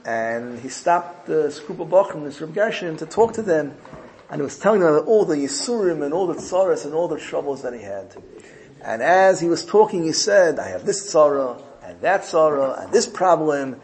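A man's voice: a little high, big pitch swings, moderate pace, darkish tone. Emphatic man teaching verses. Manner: explains each Hebrew verse then translates, emphatic. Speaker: Torah teacher. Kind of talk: Torah class.

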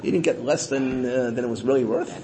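A man teaching a Torah lesson, telling a story with lively voices and mixing in Hebrew and Yiddish terms. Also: medium pitch, a little fast, background noise.

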